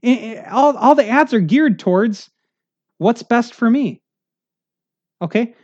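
A man preaching a conversational sermon, rambling and animated, full of asides and restarts. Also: very high voice, measured pace. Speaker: pastor. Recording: muffled lo-fi recording.

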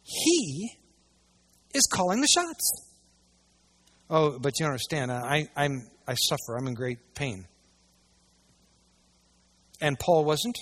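A man preaching a sermon to a church audience, swinging between hushed asides and loud, emphatic passages. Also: a little high, very animated, takes it slowly, long pauses. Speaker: pastor.

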